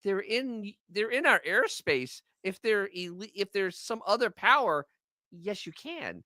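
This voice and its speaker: A man from Staten Island talks in a rambling, sarcastic way, restarting his sentences often. His voice is bright and clear, and it moves up and down a lot. The recording is dry and close. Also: high voice, lively intonation, unhurried, no room sound. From Staten Island, New York. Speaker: podcast co-host. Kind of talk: casual commentary chat.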